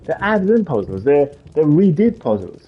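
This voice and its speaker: A man's voice: fairly high pitch, sing-song, moderate pace, muffled recording, slight background noise. A man live streaming a heated gaming rant, swearing a lot and repeating his points with emphasis.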